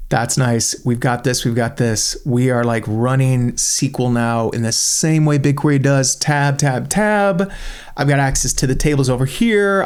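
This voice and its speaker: Host, male, mid-pitched, chatty and eager, narrating his own screen demo while he thinks aloud. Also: darkish tone, smooth. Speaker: channel host reviewing a software tool. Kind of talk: screen-recorded software walkthrough.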